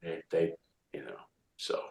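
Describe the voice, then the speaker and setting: A man speaking as an author guest in a casual interview, animated, with quick restarts and repeated words. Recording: roomy echo.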